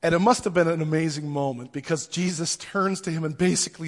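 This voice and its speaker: High-voiced pastor in a reverberant church. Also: male voice, fast, few pauses. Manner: conversational and casual, with fillers. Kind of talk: sermon.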